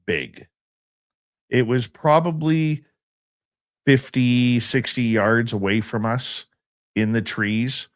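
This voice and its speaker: A man recounting an outdoor encounter in a radio interview, telling it in a slow, deliberate way. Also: on the low side, no room sound, studio quality. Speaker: guest recounting a field expedition.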